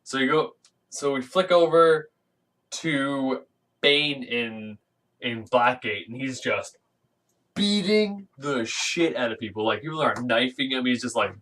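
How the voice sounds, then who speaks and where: A man's voice: mid-range voice, animated, unhurried, fairly bright tone, far from the mic, poor audio. A man casually recapping a comic book issue, rambling with lots of fillers and restarts and acting out the characters' lines in silly voices. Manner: rambling, filler-heavy, acts out quotes in funny voices.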